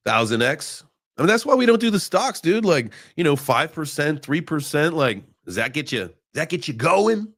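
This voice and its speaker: A man's voice: medium pitch, animated, a little fast, fairly bright tone. A man hosting a live crypto trading show, chatting casually and joking sarcastically with viewers as he rambles through charts. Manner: joking, sarcastic, addresses chat viewers by name; rambling with many fillers while reading charts. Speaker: crypto livestream host. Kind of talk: casual live market chat.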